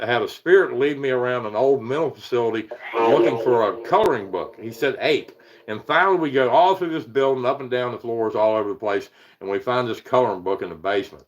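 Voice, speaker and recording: A man's voice: mid-range voice, highs cut off. A man from Virginia with an Appalachian hill accent, chatting casually on a livestream, rambling and chuckling as he reads out viewers' names. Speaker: paranormal livestream host.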